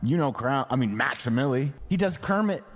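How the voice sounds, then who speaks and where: A man chatting casually during a game, joking, animated and swearing. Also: mid-range voice, moderate pace.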